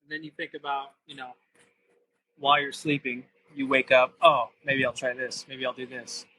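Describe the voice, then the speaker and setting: Very bright-voiced easygoing male guest. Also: mid-range voice, level tone, normal speed, rough recording. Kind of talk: casual chat.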